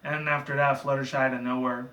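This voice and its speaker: A man's voice: medium pitch, flat delivery, quick pace, sharp tone, distant mic, slight background noise. A man casually recapping a cartoon episode in a rambling, loose way, with profane asides. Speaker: reviewer. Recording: echoey room, away from the mic.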